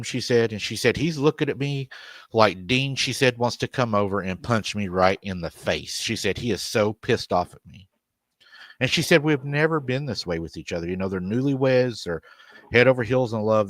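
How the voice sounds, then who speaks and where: A man's voice: lowish voice, no echo. A man hosting a paranormal show, telling a family's haunting story at length and repeating "she said" over and over. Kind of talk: storytelling retelling an interview.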